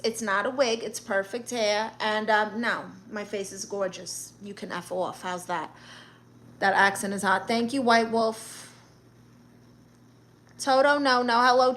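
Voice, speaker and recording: A brassy, self-admiring Brooklyn auntie who fancies herself a therapist, as a woman puts her on for a livestream. Her voice is bright and forceful, sitting a touch high, and she fires back at the chat with blunt sass and a thick Brooklyn accent. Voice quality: sassy, blunt, boastful. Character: brash middle-aged Brooklyn aunt posing as therapist. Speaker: livestream host. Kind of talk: in-character livestream chat reading.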